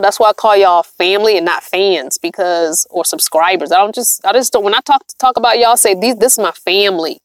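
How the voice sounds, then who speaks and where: This vlogger's livestream is a casual chat with viewers, delivered in a mid-range voice that's a little fast with few pauses. She's tired and yawning yet chatty and emphatic, repeating herself. The sound is dry and clean, studio grade.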